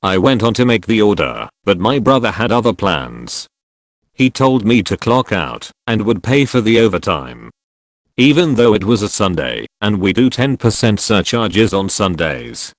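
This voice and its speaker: Synthetic male narrator for online stories, low-pitched, lively intonation, dry close sound. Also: normal speed, no room sound. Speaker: narrator reading online posts. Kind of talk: scripted narration.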